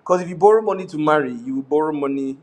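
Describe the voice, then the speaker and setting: Animated Nigerian man preaching, high voice. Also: fast. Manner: animated preaching, switches into pidgin, laughs often. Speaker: pastor. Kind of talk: sermon.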